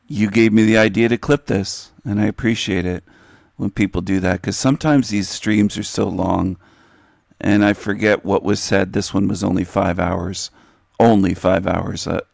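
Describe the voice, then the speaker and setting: Very deep, gravelly man, rambling. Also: a little mellow, no echo, clean studio sound. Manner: slow, rambling, thankful. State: losing his voice a little. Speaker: host of a livestream channel. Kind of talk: casual commentary to viewers. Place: indoor room.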